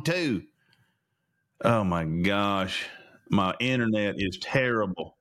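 A man hosting his own show, retelling Bible stories in an animated, casual preaching style. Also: mid-range voice. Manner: animated storyteller, laughing asides. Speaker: host.

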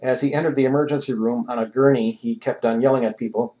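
A man narrating a comic novel in a wry, deadpan reading. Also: mid-range voice, fast, low-quality recording. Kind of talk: audiobook reading.

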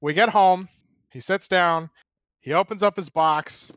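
Dude with a pretty high voice telling a cussing story, dry close mic. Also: male voice, a little slow, clean tone, dry recording. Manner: animated, profane, laughing. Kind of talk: casual storytelling.

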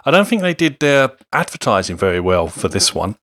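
A man's voice: lowish voice, big pitch swings, a little fast, fairly bright tone, dry recording. Chatty London man, dry close sound. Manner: chatty, laughs often, explains at length. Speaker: podcast co-host. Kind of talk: casual chat.

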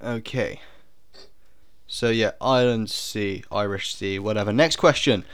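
A man's voice: fairly low pitch, unhurried, a bit bright, clean tone, dry recording. A young man taking an online quiz on camera, thinking aloud, second-guessing himself and cracking puns. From United Kingdom. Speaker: video creator doing a quiz. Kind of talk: casual commentary while taking an online quiz.

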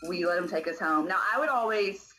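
A woman's voice: lowish voice, expressive, fairly quick, bright, forceful tone, poor audio. A young woman guest chatting casually in an easygoing, laid-back way. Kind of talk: casual chat.

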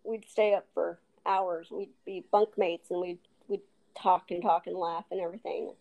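A young woman host from New Mexico, raised in Texas, who has a speech impediment and talks warmly in a rambling way full of restarts. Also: on the low side, fairly even intonation, normal speed, poor audio. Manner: rambling, with many restarts and laughs. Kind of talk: casual heartfelt chat.

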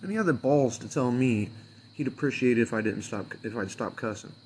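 A man's voice: medium pitch, expressive, brisk, a little mellow, a little hiss or hum. A man venting as an unhappy customer in a fuming, sarcastic rant full of swearing that rambles loosely from point to point. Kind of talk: angry profane rant to camera.

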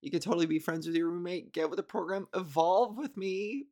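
A woman's voice: on the low side, normal speed. A young woman hosting a solo podcast, chatting casually in a rambling, profane, self-mocking way and laughing often. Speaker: podcast host.

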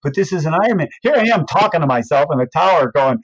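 A man's voice: very animated, fast talker, hardly any pauses, husky, no echo. An older man, a race announcer, telling a story and acting out the voices of the people in it. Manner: acts out quoted voices with big pitch swings. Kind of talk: animated storytelling. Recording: dull, dry recording.

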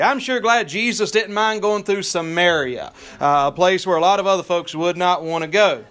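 A man preaching a sermon, reading scripture slowly for emphasis and adding folksy asides with frequent "uh" fillers. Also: high-pitched, fairly bright tone. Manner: preaching with scripture reading in King James wording, drawn out for emphasis. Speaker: pastor.

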